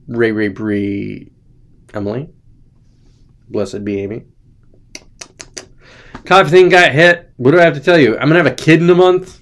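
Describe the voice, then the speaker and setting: A man's voice: medium pitch, moderate pace, long pauses. A young adult man hosting a casual chat show, rambling and irreverent, joking loosely, sounding tired. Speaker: host.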